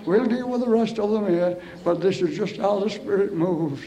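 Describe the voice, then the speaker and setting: High-voiced preacher, fervent. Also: male voice, moderate pace, mellow, rough recording. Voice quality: emotional, pleading delivery with repeated stammered starts.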